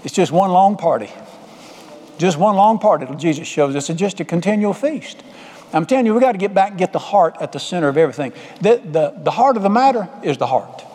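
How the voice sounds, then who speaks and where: A man's voice: fairly high pitch, a little mellow. A man preaching a sermon as pastor in a folksy, conversational way, repeating his phrases. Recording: long hall reverb.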